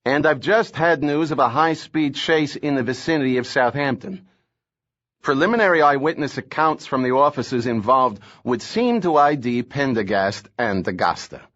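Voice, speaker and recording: A man's voice: medium pitch, normal speed, fairly bright tone, lo-fi sound, voice pushed up, lightly acted. A man voicing an angry, stocky federal agent in charge who speaks in a curt, abrasive way. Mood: brusque.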